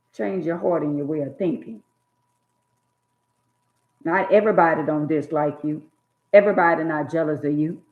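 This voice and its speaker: A woman preaching life advice straight to her viewers in an emphatic, sermon-like monologue. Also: fairly low pitch. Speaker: vlogger giving life advice. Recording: tinny phone-like sound in an echoey room.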